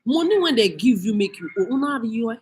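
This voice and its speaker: A woman's voice: fairly high pitch, big pitch swings, a little fast, a little hiss or hum, poor audio. Furious Nigerian woman ranting. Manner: cursing, scolding, mixes in Pidgin. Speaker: vlogger. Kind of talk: angry rant monologue.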